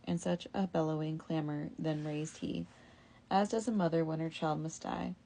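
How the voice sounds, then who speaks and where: A woman reading an old verse tale aloud in a steady, measured storytelling manner. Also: sits low, gravelly. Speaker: reader.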